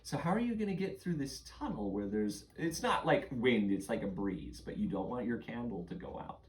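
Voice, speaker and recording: Low-voiced woman narrating a game. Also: lively intonation, moderate pace, reverberant. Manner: patient, questioning, guiding. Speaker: game master. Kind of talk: narrating a tabletop game for a child.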